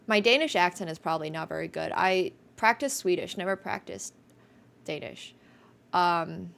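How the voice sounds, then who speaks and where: Gravelly young woman chatting. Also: lowish voice, lively intonation, moderate pace, a bit bright. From Finland. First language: Finnish. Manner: chatty, rambling, many restarts and fillers. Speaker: chess streamer. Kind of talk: casual stream chat.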